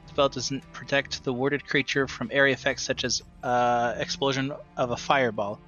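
A man's voice: mid-range voice, little pitch movement, moderate pace, pushed and bright, dull audio, soft background music. A man playing a tabletop game, eagerly thinking aloud about his moves and reading rules out. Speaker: player. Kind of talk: casual tabletop game chat.

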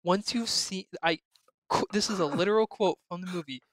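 A man co-hosting a casual podcast about a movie, retelling scenes in an animated way and laughing at the shocking parts. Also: high voice, moderate pace, dry recording. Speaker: podcast co-host. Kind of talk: casual movie review chat.

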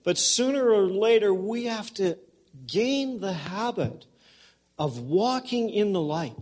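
A male pastor with a somewhat high, husky voice preaches a sermon. He keeps it conversational and mixes in folksy humor. He also turns to speak directly to members of the congregation. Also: lively intonation, slow, darkish tone.

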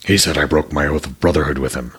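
A man's voice: a bass voice, steady tone, quick pace, fairly bright tone, slightly rough, pitched below the performer's own voice, full character voice. A man voicing a troubled male king of the gods, speaking grimly and shaken in a storybook reading. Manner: grim, shaken.

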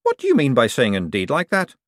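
A man voicing a fierce, blunt young woman in an audiobook, sharp, suspicious and demanding. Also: medium pitch, huge pitch swings, quick pace, dry recording, clean studio sound, voice pushed up.

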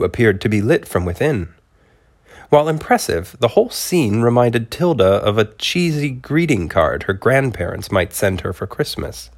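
A man with a cold, hosting a podcast from a home studio and reading a storybook chapter aloud in a relaxed way. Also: on the low side. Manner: relaxed, with fillers and soft laughs. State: has a cold. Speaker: podcast host and narrator. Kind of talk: casual appeal and storybook narration.

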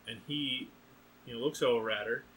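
A young man hosting a podcast, casually telling an animated story, acting out other people's lines and laughing often. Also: mid-range voice, normal speed, a little hiss or hum, rough recording. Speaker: podcast host.

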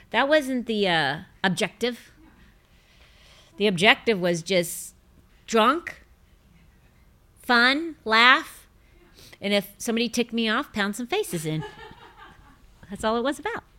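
A middle-aged woman hosting a show, telling rambling, self-mocking stories in a bubbly, casual chat and breaking into high laughing fits. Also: sharp tone. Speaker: host.

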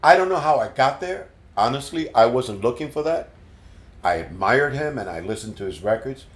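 An older man being interviewed as a musician, telling stories in an animated way and repeating words as he recalls them. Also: medium pitch, normal speed. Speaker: guest musician. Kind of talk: casual storytelling interview. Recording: roomy echo.

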